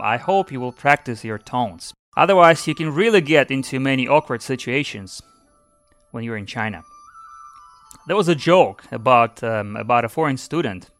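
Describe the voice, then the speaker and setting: A man hosting a podcast lesson, speaking deliberately and demonstrating sounds by repeating syllables. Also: medium pitch, fairly bright tone. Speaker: language teacher and podcast host.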